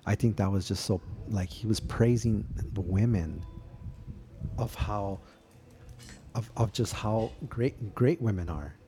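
A man's voice: on the low side, measured pace, a crowd in the background. A man co-hosting a podcast in casual chat, speaking earnestly and often repeating words as he starts a thought. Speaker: podcast co-host.

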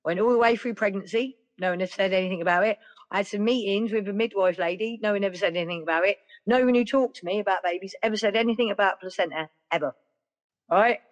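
A middle-aged woman, a podcast guest telling stories in a lively, casual way. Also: mid-range voice, fast talker, highs cut off. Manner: lively, acts out other people's voices. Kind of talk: casual storytelling.

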